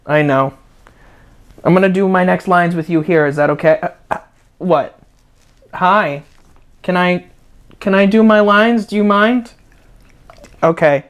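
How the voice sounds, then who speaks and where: A man's voice: sits high, a little slow, long pauses, fairly bright tone, clear, resonant tone. A man hosting a comedic review video from home, ranting in a sarcastic, profane, rambling way. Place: at home with a dog.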